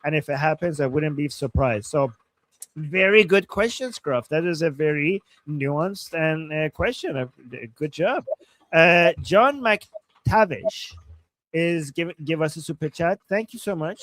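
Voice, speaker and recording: A man's voice: a little high, expressive, a little slow, a bit bright, no echo. A man from Iran co-hosting a live stream, reading viewer messages aloud in a chatty, easygoing way and laughing easily. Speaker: livestream co-host. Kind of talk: casual live-stream chat.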